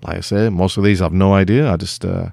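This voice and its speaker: Deep gravelly guy talking through software, dry close mic, lots of uhs. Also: fairly quick, no echo. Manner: relaxed, self-deprecating, rambling with many fillers. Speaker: tech video host. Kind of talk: casual screen-recorded software walkthrough.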